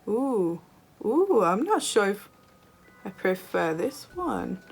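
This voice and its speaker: A woman doing a makeup tutorial, gushing and excitable as she tries eyeshadow shades. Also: fairly low pitch, creaky. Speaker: beauty vlogger.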